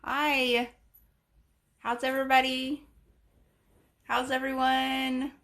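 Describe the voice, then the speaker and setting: A woman hosts a casual live stream, welcoming viewers and reading their comments aloud in a bubbly, gushing manner that often circles back on itself. Her voice is high and fairly bright, with little pitch movement, and she speaks slowly. She hosts both live streams and podcasts.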